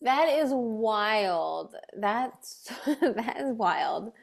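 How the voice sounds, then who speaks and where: A woman hosting a casual interview, asking rambling questions quickly and laughing often. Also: a little high, expressive, gravelly. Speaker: podcast host.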